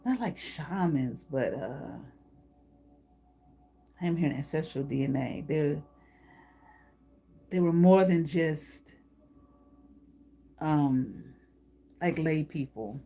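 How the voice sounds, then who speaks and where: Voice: medium pitch, expressive, slow, creaky, long pauses, warm tone, husky. A tarot reader giving a casual, spoken reading, emphatic and blunt, tagging lines with a repeated "okay?" and swearing freely.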